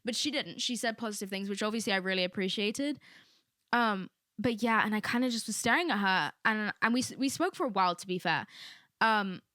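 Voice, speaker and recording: A young woman talks through a solo podcast episode in a loose, candid ramble, full of filler asides. Her tone is bright and lively. The recording is dry and close, with no room around her. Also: mid-range voice, a little fast, no room sound. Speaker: podcast host. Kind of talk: casual solo podcast monologue.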